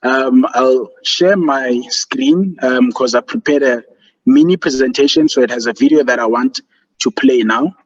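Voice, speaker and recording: A man's voice: medium pitch, unhurried. A man presenting a student seminar over a video call, earnest and encouraging, with fillers. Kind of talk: motivational online seminar talk. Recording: dull lo-fi call audio.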